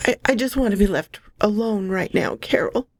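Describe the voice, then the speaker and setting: A woman voicing a frightened young woman who speaks softly and haltingly, pleading to be left alone. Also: mid-range voice, no echo, voice pushed up, close to an everyday voice.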